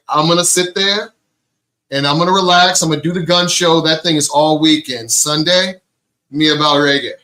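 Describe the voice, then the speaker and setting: A man's voice: fairly high pitch, sharp tone, low-quality recording. A middle-aged man co-hosting a casual talk show, joking and laughing often. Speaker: co-host. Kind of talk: casual chat.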